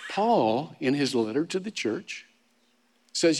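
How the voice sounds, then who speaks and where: Male pastor preaching in a church sanctuary, relaxed and anecdotal, repeats and restarts words, with a long reverb tail. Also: on the high side, slow pace. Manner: conversational storytelling with frequent restarts and humorous asides. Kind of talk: sermon. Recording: long reverb of a large hall.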